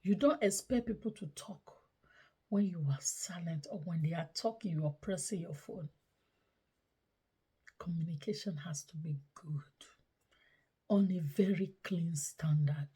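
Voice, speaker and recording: Woman host, husky tone, advice monologue with frequent hushed half-whispered stretches and slow emphatic repeats. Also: on the low side. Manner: drops often into soft breathy half-whispers, slow emphatic repetition. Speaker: host of a relationship advice channel.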